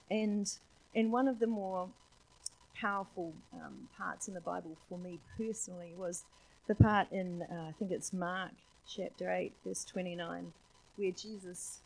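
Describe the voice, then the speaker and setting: Husky New woman telling stories. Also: fairly low pitch, low-quality recording. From New Zealand. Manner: animated storyteller, laughs often, acts out voices. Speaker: church speaker. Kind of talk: sermon with personal storytelling.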